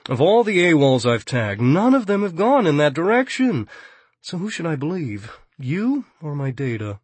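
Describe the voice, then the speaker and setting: A man's voice: on the high side, very animated, moderate pace, slightly rough, no room sound, pitched above the performer's own voice. A man voicing a cheerfully menacing adult bounty hunter in an audiobook, taunting and mock-cheerful. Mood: smug. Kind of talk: audiobook character reading.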